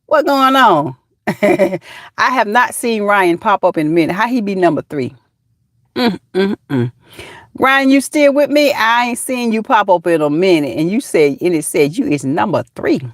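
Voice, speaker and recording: A woman's voice: mid-range voice, normal speed, no echo, clean studio sound. Chatty laughing woman hosting a livestream. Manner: lively, laughing often, talks straight to chat viewers. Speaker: livestream host. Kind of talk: casual live chat reading comments.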